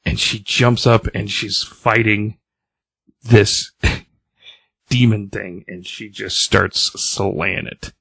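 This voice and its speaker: A man's voice: fairly low pitch, very slow, vocal fry, husky, no room sound. A man on a comics podcast casually retelling a comic's plot and reading out its characters' lines. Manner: animated retelling, reads out character lines loosely. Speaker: podcast co-host recapping a comic. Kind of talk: casual chat, retelling a story.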